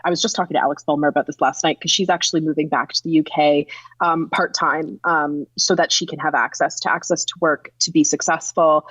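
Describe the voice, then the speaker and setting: A woman from Canada speaking on a panel, earnest and explanatory, with halting restarts. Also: sits low, steady tone, a bit bright, breathy edge, no room sound. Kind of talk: panel discussion. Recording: slightly muffled dry recording.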